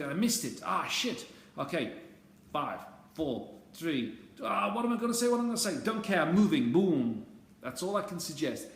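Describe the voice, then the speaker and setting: Blunt man coaching, echoey room. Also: on the high side. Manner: blunt, casual, swears freely. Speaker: dating coach. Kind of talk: live-stream coaching talk. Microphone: phone live stream. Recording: echoey room with faint ambient noise.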